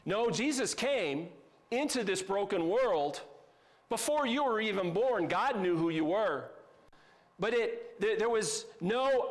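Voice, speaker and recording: A man's voice: high-pitched, expressive, takes it slowly. A man preaching a sermon as pastor, conversational and emphatic, with casual asides.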